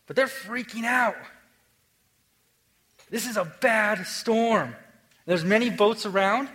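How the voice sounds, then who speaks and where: A man preaching a sermon in a casual, conversational way, moving between lively emphasis and quiet, hushed stretches. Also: sits high, slow, long pauses, poor audio. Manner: conversational, swings from energetic to hushed. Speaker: pastor.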